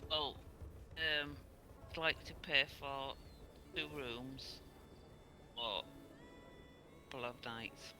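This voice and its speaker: Male player, very slow, bright voice, hesitant. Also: mid-range voice, slight background noise. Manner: hesitant, halting. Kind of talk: tabletop game chat.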